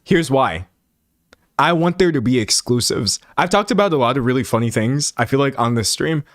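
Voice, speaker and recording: A man's voice: mid-range voice, lively intonation, moderate pace, no room sound, studio quality. A young man from South Central Texas with a Texan drawl, chatting casually and joking on a livestream. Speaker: streamer.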